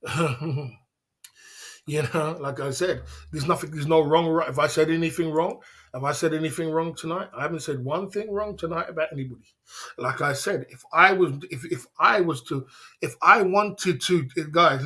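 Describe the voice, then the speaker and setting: A man's voice: a little high, pushed and bright, slightly rough. A man hosting a casual livestream chat, rambling and defiant, often laughing and asking "you know what I mean". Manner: defiant, boastful. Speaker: livestream host.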